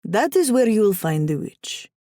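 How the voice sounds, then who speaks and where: A woman's voice: mid-range voice, big pitch swings, warm tone, no echo, studio quality, close to an everyday voice. A woman narrator voicing a towering female archangel warrior who speaks curtly with a thick, unplaceable foreign accent. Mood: stern. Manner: curt, stern and measured.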